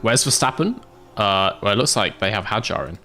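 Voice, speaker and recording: A man's voice: on the low side, animated, moderate pace, sharp tone. A British man streaming a game, chatting casually with viewers, laughing often. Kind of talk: casual livestream chat.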